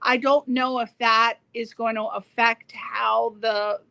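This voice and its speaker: A woman host with a bright, high voice chats eagerly with her guest. Her rambling, enthusiastic questions sound dry and close, with no room around them. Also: little pitch movement, takes it slowly, vocal fry, no room sound. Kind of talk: casual interview chat.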